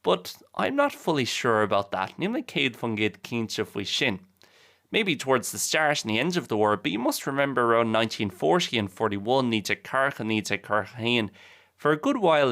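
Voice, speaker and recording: A man talking through a podcast lesson in a relaxed, chatty way, saying everything once and then again in the other language. His voice sits at a middle pitch and stays easygoing. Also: moderate pace. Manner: casual, repeats each line in two languages. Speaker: Irish language teacher and podcast host.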